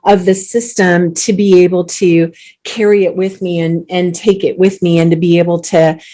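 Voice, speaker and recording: A woman with a slightly low voice hosts a conversational interview. She speaks with enthusiasm, leaning hard on her emphasis. She often repeats a word as she starts a phrase. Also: flat delivery, normal speed, mellow. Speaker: host, company CEO.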